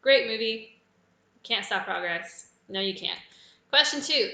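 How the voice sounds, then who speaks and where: A woman hosting a live trivia quiz, with a bright, crisp voice. She walks through each answer in a relaxed, chatty way and drops in little personal asides. Her voice rings in a roomy, echoey space. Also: mid-range voice, moderate pace, pauses often. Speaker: quiz host. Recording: echoey room.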